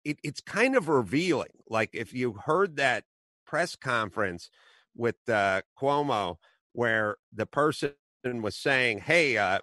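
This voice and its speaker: A middle-aged man rants through a podcast, with bright, forceful delivery and sudden jumps into put-on voices for the people he quotes. His voice sits at an average pitch, close-miked and dry, with no room around it. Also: measured pace, no echo. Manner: ranting, animated storytelling with put-on quotes. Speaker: podcast host. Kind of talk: casual chat.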